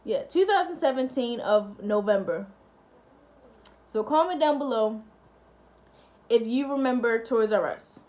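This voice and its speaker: High-voiced young woman telling a story. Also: a little slow, long pauses. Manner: lively, chatty storytelling, acting out the other people. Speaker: family-channel vlogger. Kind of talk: casual storytime to camera.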